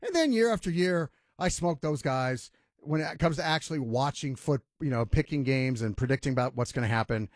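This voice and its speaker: A man's voice: medium pitch, expressive, fairly quick, no room sound, clean studio sound. A man hosting a sports talk radio show, ranting emphatically and mocking others in voiced quotes.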